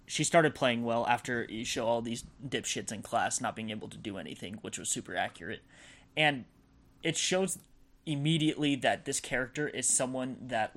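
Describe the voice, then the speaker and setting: A young man co-hosting a podcast in casual chat, relaxed and laughing easily. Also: medium pitch. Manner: relaxed, laughs often, fillers like "like". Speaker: podcast co-host.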